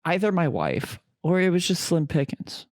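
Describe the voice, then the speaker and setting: A man's voice: fairly high pitch, normal speed, dry recording, studio quality. A young man co-hosting a podcast, telling stories in casual chat and laughing often. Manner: laughing often, animated storytelling. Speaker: podcast co-host.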